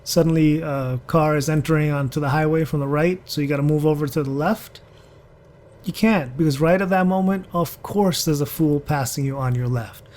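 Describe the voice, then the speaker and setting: Guy chatting away over his gameplay, kinda high voice, rambles and talks to the other trucks. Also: normal speed, a little mellow. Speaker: gaming channel host. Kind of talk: casual gameplay commentary.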